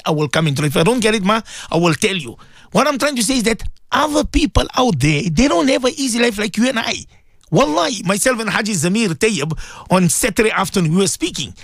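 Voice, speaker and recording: A man who hosts a morning radio show as a Muslim cleric. He preaches emphatically to his listeners, repeating his points, and slows into drawn-out prayers. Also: high voice, dry recording, studio quality. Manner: emphatic and repetitive, exhorting listeners.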